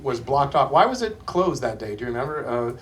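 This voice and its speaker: On a small club stage, a male performer tells rambling anecdotes, hesitant and full of ums and restarts. His medium-pitched voice is very animated and brisk, with a little hiss or hum in the audio.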